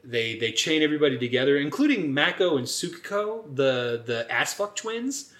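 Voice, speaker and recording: An animated man co-hosting a casual podcast, retelling a movie scene by scene. His voice sits a little high, and he throws himself into quoting the characters with a lot of swearing. The room around him rings with echo. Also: normal speed. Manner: animated, swears often, acts out quotes. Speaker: podcast co-host. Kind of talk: casual chat recapping a movie.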